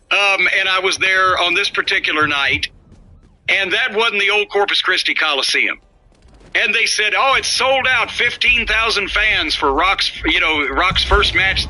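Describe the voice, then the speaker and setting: High, sharp-toned middle-aged man. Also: rough recording. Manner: blunt, profane, mocking storyteller. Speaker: podcast host, former wrestling worker. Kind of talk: casual storytelling chat.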